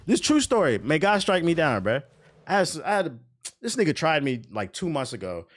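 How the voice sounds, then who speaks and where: A man telling a story in a casual, profane rant, animated and prone to repeating himself. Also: fairly high pitch, a little fast. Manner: animated, profane, repeats phrases, jumps into quoted voices.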